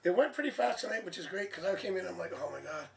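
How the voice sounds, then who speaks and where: A man hosting a live tarot stream, chatting casually and sounding tired and low on energy. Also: lively intonation, very fast, vocal fry. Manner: chatty, laughs at himself, thinks aloud. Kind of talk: casual live-stream chat and card reading. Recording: distant mic, faint background noise.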